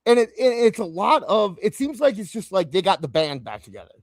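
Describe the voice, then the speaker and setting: A man's voice: a little fast, no room sound. A man hosting a casual wrestling talk show, chatting and rambling with a co-host. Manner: animated, rambling, jumps in pitch. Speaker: podcast host.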